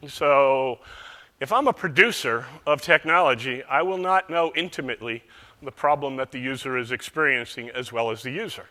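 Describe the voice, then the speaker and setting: A man's voice: mid-range voice, normal speed, bright, forceful tone. A man giving a conference keynote, telling folksy stories to make his points, recorded on a stage microphone in a large hall. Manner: folksy storytelling with metaphors. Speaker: keynote speaker.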